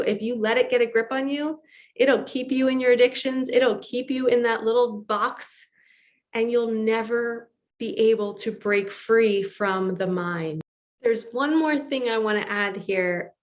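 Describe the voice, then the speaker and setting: A middle-aged woman, a spiritual coach, talking straight to her viewers in an earnest, emphatic way and acting out her own inner voice. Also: mid-range voice. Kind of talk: motivational monologue to viewers.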